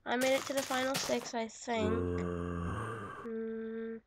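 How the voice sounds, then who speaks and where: A woman's voice: a little high, wildly swooping pitch, takes it slowly, background noise. A woman giving casual, chatty let's-play commentary over a computer microphone, giggling and correcting herself as she goes. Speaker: gaming channel host.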